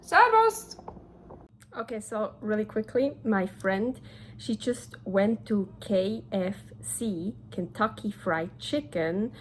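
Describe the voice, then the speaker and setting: A woman's voice: mid-range voice, slow pace, darkish tone, slight background noise. A woman hosting a casual cooking vlog, chatty and enthusiastic as she thinks aloud. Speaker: cooking channel host.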